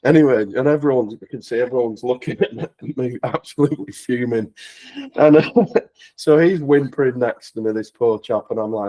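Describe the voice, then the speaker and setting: A man with a mid-range, darkish voice speaks at a moderate pace on a low-quality recording. Appearing as a guest on a charity talkathon livestream, he tells a casual personal story, laughing often, stumbling, and restarting his sentences.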